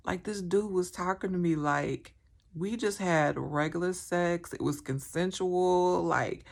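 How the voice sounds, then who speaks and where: A woman's voice: on the low side, steady tone, normal speed, gravelly. A woman telling a painful personal story to camera, candid and rambling, with many fillers and a strained, emotional tone. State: emotional, recounting trauma.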